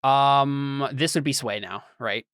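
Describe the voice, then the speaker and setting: Game master, male, mid pitch, dry close sound, patient with rules, lots of fillers. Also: slow, fairly bright tone, smooth, dry recording. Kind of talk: running a tabletop game.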